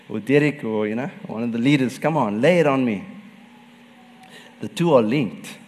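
Pastor preaching in a reverberant hall. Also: male voice, medium pitch, moderate pace, pauses often, darkish tone, slight background noise. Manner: personal storytelling, laughs often. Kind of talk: sermon.

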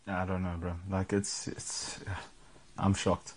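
Husky, low-voiced man. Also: completely flat delivery, slow.

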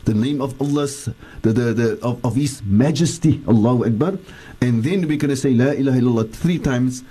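A man's voice: medium pitch, fairly quick, warm tone, breathy edge. A man, a religious scholar on a radio show, speaking earnestly and repeating phrases for emphasis as he teaches and leads remembrance. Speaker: Islamic scholar answering listeners on radio. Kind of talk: radio talk on faith, leading remembrance.

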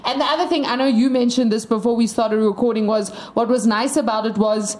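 Chatty woman reviewing films, higher voice. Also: fairly quick. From South Africa. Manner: chatty, animated, laughs often. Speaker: film review co-host. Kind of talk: casual film review chat.

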